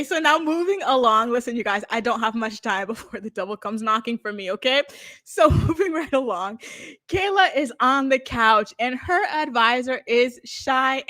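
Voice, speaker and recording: A woman's voice: a little high, fairly bright tone, dry recording, clean studio sound. Giggly chatty young woman. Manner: chatty, giggly, dramatic asides to viewers. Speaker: streamer recapping a reality show. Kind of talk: casual livestream commentary.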